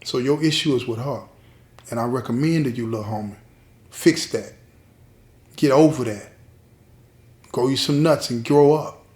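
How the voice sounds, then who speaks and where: A man's voice: medium pitch, moderate pace, pauses often, a little mellow, lightly acted. A man voicing an older male prison gang leader who gives blunt, fatherly street advice. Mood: firm advice. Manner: blunt street talk, commanding. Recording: roomy echo.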